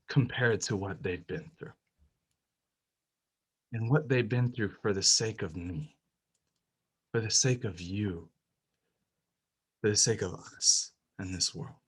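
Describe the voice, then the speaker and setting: A man's voice: fairly low pitch, slow pace, pauses often, husky, low-quality recording. A young man giving a personal faith testimony, telling his story with strong feeling and many restarts. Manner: emotional storytelling, rising and louder at the climax, many restarts.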